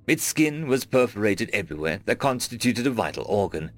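A man narrating a first-person science fiction story in a measured storytelling manner. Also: fairly low pitch, very animated, no room sound. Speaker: audiobook narrator. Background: faint background music.

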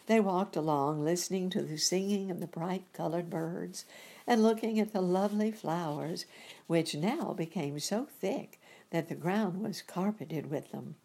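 Husky woman reading a storybook. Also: lowish voice, unhurried, mellow. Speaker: reader. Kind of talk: storybook narration.

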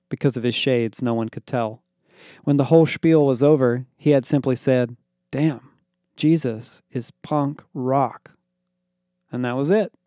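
A male narrator tells a first-person story in scripted narration. His delivery is even and measured, with a warm, mellow tone. The sound is dry, with no room around it. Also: medium pitch, dry recording.

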